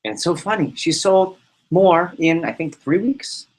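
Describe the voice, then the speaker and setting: A man leading a sales team meeting, giving an energetic motivational talk full of anecdotes and repetition. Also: on the high side, measured pace. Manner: energetic, repeats himself, tells anecdotes. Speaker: team leader running a sales prep meeting.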